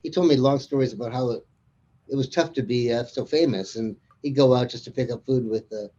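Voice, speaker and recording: A man's voice: mid-range voice, fairly quick, dark tone, muffled recording. A man as an interview guest, chatting casually and rambling through anecdotes with frequent chuckles. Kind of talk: casual conversation.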